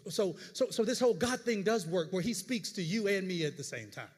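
A middle-aged male pastor preaching a sermon, telling stories with stammered repeats that run on into the next phrase. His voice sits high for a man. The sound rings with a long reverb, as if caught in a church hall. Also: brisk, few pauses, husky. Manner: animated storytelling with stammered repeats.

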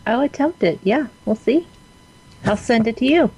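A woman's voice: on the high side, animated, moderate pace, a little mellow, breathy edge, low-quality recording. A woman guesting on a podcast, chatting casually, laughing and self-deprecating. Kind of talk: casual chat.

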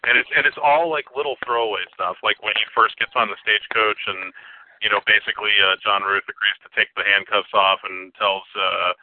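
A man's voice: on the low side, steady tone, brisk, slight background noise. A man co-hosting a podcast, talking casually about films and often repeating words while he searches for them. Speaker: podcast co-host. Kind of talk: casual film chat. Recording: tinny phone-like sound.

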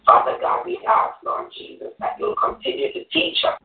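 A woman on a church group call, telling her testimony and leading a fervent spoken prayer full of repeated invocations. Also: normal speed. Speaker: evangelist, church member. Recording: distant echoey phone-line audio.

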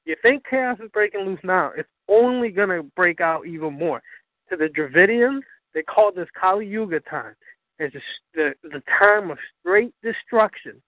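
A high-voiced man preaches hard and swears freely, pressing each point with emphatic force. His voice comes through a thin, tinny phone line with no room sound at all. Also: lively intonation, normal speed, dry recording. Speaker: spiritual teacher. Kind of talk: impassioned lecture on a call-in broadcast.

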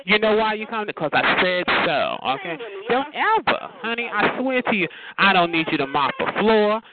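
On a hissy, tinny phone line, a man with a high, animated voice speaks at a normal pace while trash-talking aggressively on a chat line. His manner is sassy and taunting, and "bitch" and "honey" come up repeatedly.

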